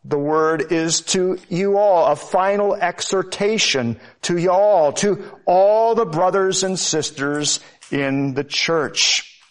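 A man's voice: high voice, slow pace. A male pastor preaching a sermon, reading scripture and driving points home with emphatic repetition.

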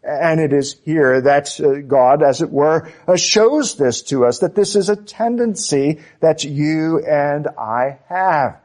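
A man preaching a sermon in an earnest, emphatic way, with dramatic pauses, drawn-out key words and the odd filler or restart. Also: on the high side, darkish tone.

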